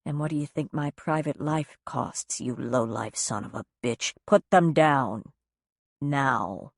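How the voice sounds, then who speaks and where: A woman voicing a fierce, furious woman who yells and curses at intruders on her property. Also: a bass voice, takes it slowly, no echo, studio quality, voice pushed down, heavily acted. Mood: cold fury. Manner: yelling, cursing, sharp.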